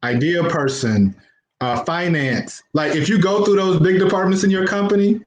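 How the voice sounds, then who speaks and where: A man hosting an interview, speaking in a relaxed, encouraging way. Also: high voice, moderate pace. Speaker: interviewer, host. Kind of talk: conversational interview. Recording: roomy echo.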